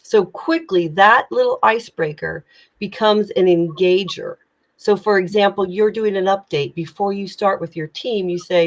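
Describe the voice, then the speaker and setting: A woman's voice: mid-range voice, normal speed. A woman communication coach giving tips in a live online session, speaking with energy, urgency and emphatic projection.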